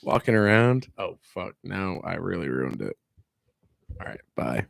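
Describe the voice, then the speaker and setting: A man's voice: low voice, very animated, a little slow, vocal fry, fairly bright tone, no echo. A young man hosting a podcast, chatting loosely and jokingly in slang. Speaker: podcast host. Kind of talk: casual chat.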